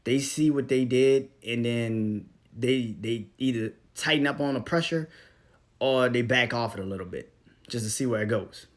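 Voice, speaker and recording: A young adult man hosts a podcast, delivering a casual, blunt ranting monologue full of swearing and frequent laughter. His mid-range voice moves at a moderate pace, swinging between loud and mumbled.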